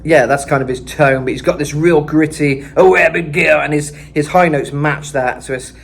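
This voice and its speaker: A man giving a casual vocal lesson, chatting about singers' tones and breaking into gritty high sung and screamed demonstrations. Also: fairly even intonation, moderate pace. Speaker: vocal coach.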